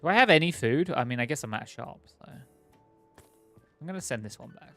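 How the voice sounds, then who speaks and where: A man's voice: mid-range voice, lively intonation, brisk, creaky, fairly bright tone, faint music behind. A man streaming a game, chatting in a rambling, joking, self-mocking way. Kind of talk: casual gameplay commentary.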